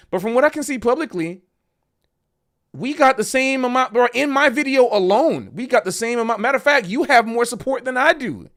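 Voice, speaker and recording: A fired-up man talking straight to his livestream, emotional and passionate. His voice is fairly high for a man and swings widely in pitch as he makes his points. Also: fairly bright tone. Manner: emotional and passionate, says bro a lot. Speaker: jazz musician streaming a Q&A. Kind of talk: casual livestream rant.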